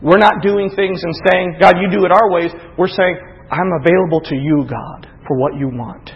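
A man preaching a sermon, his voice a little high and husky. He moves from quiet storytelling to rising, emphatic preaching. The sound is dull and carries a long hall reverb. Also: normal speed. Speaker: pastor. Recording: dull, echoey hall audio.

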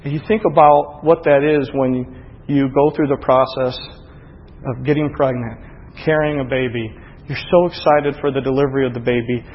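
A man preaching a sermon, moving from quiet storytelling to rising, emphatic preaching. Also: medium pitch, steady tone, normal speed. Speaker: pastor. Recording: dull, echoey hall audio.

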